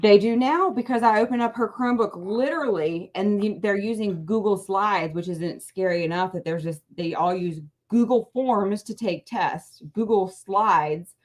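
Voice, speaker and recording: A woman's voice: medium pitch, normal speed, hardly any pauses. A middle-aged woman chatting about politics as a guest, in a rambling way full of restarts and fillers. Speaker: guest, parent advocacy co-founder. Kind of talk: casual political chat.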